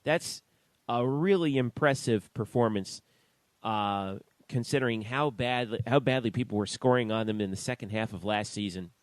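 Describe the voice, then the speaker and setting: A man's voice: medium pitch, dry recording. Man with a dry, close sound, reading stats. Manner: reads out stats in a slow, measured way. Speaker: podcast co-host. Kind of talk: sports talk podcast.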